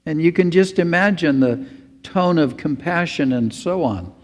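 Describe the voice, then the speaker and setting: Male pastor, earnest sermon, fairly high voice, long hall echo. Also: lively intonation, a little slow. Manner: earnest, pleading exhortation.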